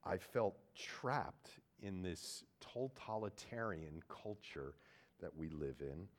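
A man preaching a sermon, earnest, moving from quiet reflection to loud, emphatic points. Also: sits low, lively intonation, slow pace. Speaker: pastor.

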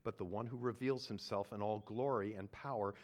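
A man preaching a sermon, earnest, moving from quiet reflection to loud, emphatic points. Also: fairly low pitch, fairly even intonation, fairly quick. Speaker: pastor.

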